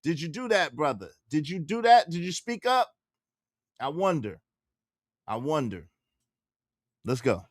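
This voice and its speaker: A man hosting a casual livestream from his car, animated and repetitive, shouting out his viewers. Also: a little high, a little slow, pauses often, no echo, studio quality. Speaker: livestream host.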